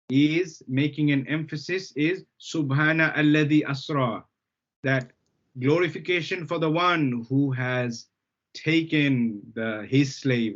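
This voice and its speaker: A man's voice: on the high side, a bit bright. A man teaching an Arabic lesson to students, explaining patiently, repeating key terms and often checking that they follow. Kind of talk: live language lesson. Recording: dull lo-fi sound.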